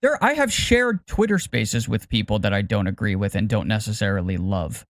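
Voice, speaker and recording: A man's voice: fairly low pitch, sing-song, moderate pace, no echo, clean studio sound. A middle-aged man co-hosting a podcast, speaking carefully and hesitantly, often repeating words as he picks them. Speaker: podcast co-host. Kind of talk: casual podcast chat.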